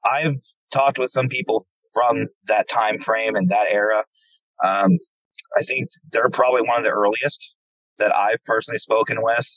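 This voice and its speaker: A man tells stories of his investigations in a casual, animated way, often repeating words as he starts a thought. His voice is husky, and the recording sounds dry and somewhat dull. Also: on the low side, moderate pace, dry recording. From central Pennsylvania. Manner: animated, repeats words when starting, acts out quoted dialogue. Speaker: paranormal investigator, guest. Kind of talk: casual storytelling interview.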